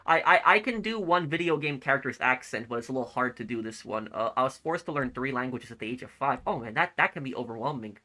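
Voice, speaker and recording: A man streaming and reading comments aloud in casual chat, halting and repeating words as he goes. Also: medium pitch, expressive, sharp tone, poor audio.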